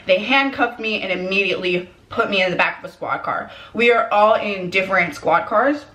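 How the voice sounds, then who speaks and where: Young woman vlogger, casual storytime, lively quoted voices, middle pitch, roomy echo. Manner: animated, quotes people in quick put-on voices. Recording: echoey room.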